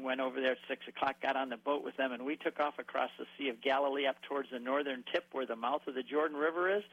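A male radio guest telling a travel story in a lively storytelling manner. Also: medium pitch, lo-fi sound. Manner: animated storyteller acting out voices in quotes.

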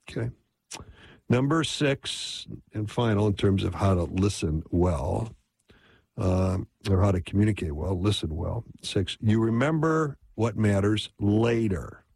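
A man's voice: fairly low pitch, darkish tone, no echo. A man teaching relationship advice in a casual, conversational way, often checking in with his listeners. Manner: conversational, constant "right?" check-ins.

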